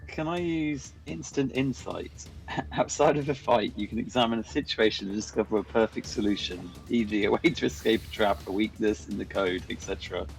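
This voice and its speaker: A man's voice: fairly low pitch, brisk, creaky, faint music behind, low-quality recording. A man playing a tabletop role-playing game, chatting in character and asking about the rules. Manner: chatty, asks rules questions. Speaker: player. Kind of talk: tabletop role-play banter.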